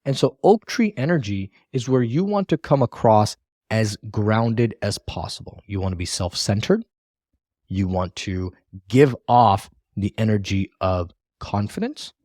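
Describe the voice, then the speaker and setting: A man's voice: on the low side, lively intonation, unhurried, a little mellow, no room sound, clean studio sound. A man teaching a recorded sales training lesson in a coaching tone, often checking in with "all right" and "right?".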